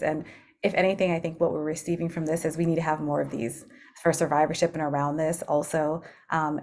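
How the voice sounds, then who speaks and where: A woman with a low, even voice hosts an online panel over a video call. She speaks in a supportive, measured way, with frequent "um"s, and her pitch stays flat. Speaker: host. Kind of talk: closing remarks at an online panel.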